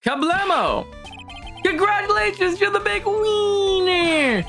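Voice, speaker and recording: A woman's voice: very high voice, lively intonation, takes it slowly, vocal fry, fairly bright tone, faint music behind, voice pushed up, exaggerated voice. A woman voicing a boisterous male circus clown who cracks jokes. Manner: boisterous, punning, showy. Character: loud goofy male circus clown, joking.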